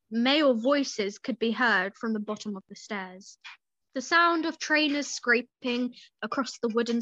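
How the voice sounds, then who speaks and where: High bright-voiced young woman reading. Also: no room sound, highs cut off. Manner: giggly, breaks off to joke. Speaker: podcast co-host reading a story aloud. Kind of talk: casual story reading with chat.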